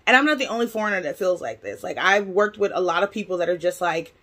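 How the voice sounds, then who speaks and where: A woman telling a long storytime vlog about her day, animated and exasperated, with frequent fillers and acted-out quotes. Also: lowish voice, fast talker. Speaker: vlogger. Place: lives in Taiwan.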